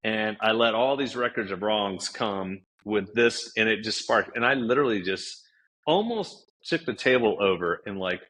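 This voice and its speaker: A fairly low, forceful, bright-sounding American man guests on a podcast, telling stories with vivid energy in a casual interview. He acts out quoted dialogue with big pitch jumps.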